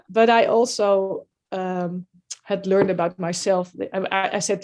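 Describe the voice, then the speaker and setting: A woman's voice: medium pitch, steady tone, a little slow, darkish tone. A middle-aged woman with a Dutch accent, speaking as a podcast guest in a reflective, hesitant way with many fillers. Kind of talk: podcast interview.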